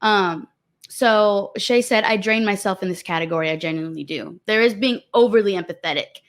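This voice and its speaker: A woman's voice: medium pitch, brisk. Young woman, frank casual podcast chat, reads out comments. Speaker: podcast co-host.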